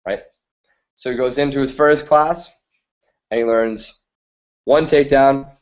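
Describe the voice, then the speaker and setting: A man's voice: medium pitch, a little slow, a little mellow. Man telling a story on a stream. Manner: chatty, keeps checking in with listeners with "right?". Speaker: live-stream host. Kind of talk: casual storytelling. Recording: dull lo-fi stream audio.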